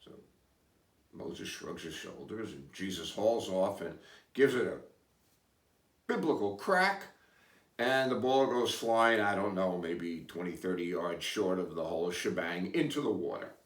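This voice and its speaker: A man's voice: low voice, lively intonation, measured pace, far from the mic. A man hosting a podcast who tells stories in a casual, rambling way, hesitant and full of asides. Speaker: podcast host. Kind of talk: casual storytelling chat. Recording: roomy, away from mic.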